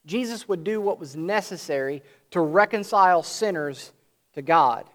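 Reading scripture and then unpacking it, a high-pitched male preacher delivers a sincere sermon. His intonation is lively and his tone fairly bright, and he stretches key words, slowing and lifting his voice to press each point.

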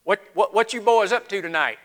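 A man voicing a skeptical, unimpressed shopkeeper, drawling and deadpan, his voice cracking. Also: sits high, a little fast, voice pushed down.

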